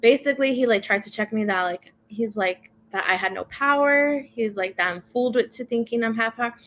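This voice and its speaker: Woman guest, bright tone, animated storyteller who voices the people she quotes. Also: fairly high pitch, a little fast. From first-generation Latina in the United States. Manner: animated, quotes others in dialogue. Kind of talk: conversational storytelling.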